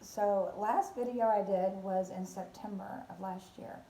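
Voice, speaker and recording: A woman's voice: mid-range voice, fairly even intonation, unhurried, dark tone. A woman giving a casual devotional talk as a Christian vlogger, rambling with many fillers and restarts. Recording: roomy echo.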